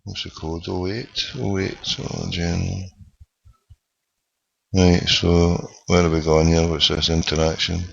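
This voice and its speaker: A man's voice: deep voice, little pitch movement, unhurried, creaky, a bit bright, slightly rough, dry recording, dull audio. A Scottish man with a Glaswegian accent hosting a casual internet radio show, chatting, swearing and joking as he goes. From Scotland. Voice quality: sweary, jokey, rambling. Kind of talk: casual live chat and phone-in.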